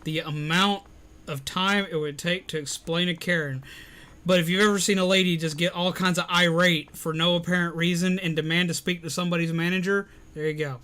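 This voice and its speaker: A man's voice: high voice, fairly even intonation, fairly quick, pushed and bright. A man in casual live-stream chat, answering viewer comments while recovering from illness. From Alabama, US.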